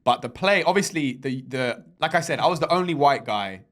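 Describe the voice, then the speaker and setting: A man's voice: medium pitch, animated, brisk, fairly bright tone. A young man co-hosting a podcast, telling a story in a rambling, hesitant way with fillers. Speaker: podcast co-host. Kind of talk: casual storytelling chat.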